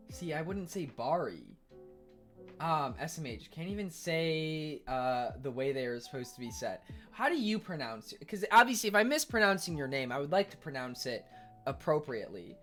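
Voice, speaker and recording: Male streamer bantering with chat, sarcastic, often exasperated, very expressive intonation. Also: fairly high pitch, normal speed, soft background music. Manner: sarcastic, swears, flares into loud exasperation. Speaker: Twitch streamer reading chat. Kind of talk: casual livestream chat with viewers.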